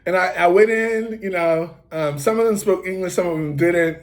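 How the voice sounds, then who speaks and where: A man's voice: sits high, moderate pace. Rambling American man telling a story. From United States. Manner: relaxed, rambling, many fillers and restarts. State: occasional coughing. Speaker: host. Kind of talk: casual storytelling.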